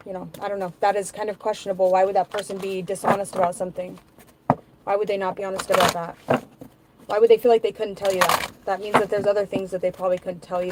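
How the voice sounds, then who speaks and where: A woman's voice: medium pitch, heavy background noise. A woman giving a casual tarot reading and musing aloud, rambling through her thoughts with many fillers. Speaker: tarot reader.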